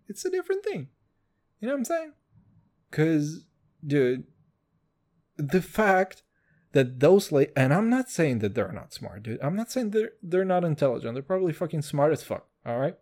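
A man rambling through a solo podcast in a slightly high voice that leaps all over the place. He is profane, jokey and self-mocking, and his loudness swings between bursts and mutters. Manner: animated, swings between loud and quiet. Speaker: podcast host.

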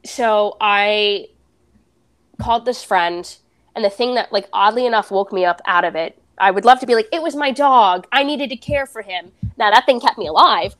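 A woman's voice: mid-range voice, normal speed. A young adult woman, a podcast guest, candidly retelling a personal story and acting out the dialogue.

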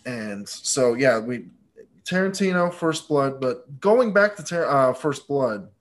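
A man's voice: medium pitch, expressive, slow. A man co-hosting a casual movie podcast, rambling and joking, swearing freely. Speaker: podcast co-host.

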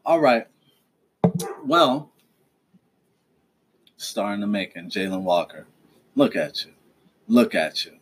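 A man's voice: lowish voice, animated, slow, pauses often. Man in his thirties, podcast host and father, playful and lecturing, slight background noise. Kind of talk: casual family chat.

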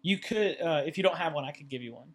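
A podcast host talking in a lively, encouraging way in a casual chat. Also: medium pitch, fast talker.

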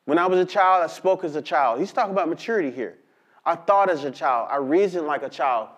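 Male pastor, high-pitched voice, sermon, drawn-out scripture reading, animated storytelling. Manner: animated storytelling with call-and-response to the congregation; slow, drawn-out emphasis on scripture.

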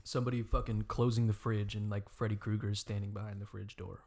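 A man in his twenties telling a friend about a movie in casual chat, animated, swearing, full of "like" fillers. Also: fairly low pitch, fast talker. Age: 20s.

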